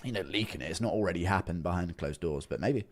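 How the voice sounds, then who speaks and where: A man's voice: deep voice, fast talker, dry recording. A man streaming casually, reading out donations and joking in a wry, offhand way. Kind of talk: casual live-stream commentary.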